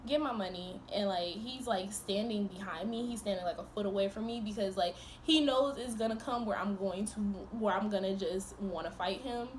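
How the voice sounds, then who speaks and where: A young woman in a storytime vlog, retelling events in an animated, profane, exasperated way, breaking into laughs. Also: mid-range voice, normal speed, a little hiss or hum. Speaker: vlogger.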